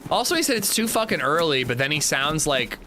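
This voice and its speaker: A man's voice: fairly high pitch, very animated, brisk, background noise. A man livestreaming a game, chatting casually and thanking viewers. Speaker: streamer. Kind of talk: casual livestream gaming chat.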